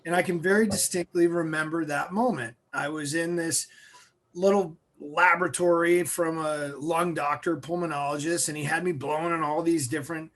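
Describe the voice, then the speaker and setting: High-voiced, animated middle-aged man. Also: moderate pace. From central Massachusetts. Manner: animated, often clears his throat. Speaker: guest. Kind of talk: personal storytelling in an interview.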